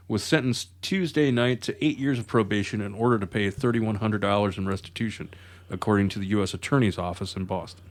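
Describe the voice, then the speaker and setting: A man co-hosting a comedy news podcast, reading stories aloud and cracking dry jokes. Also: fairly low pitch. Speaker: podcast co-host. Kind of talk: casual comedic news chat.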